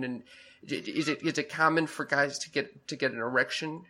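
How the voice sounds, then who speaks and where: A young man telling a story on a casual podcast chat, halting and stammering with many restarts. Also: mid-range voice, fairly even intonation, vocal fry, pushed and bright. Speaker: podcast co-host.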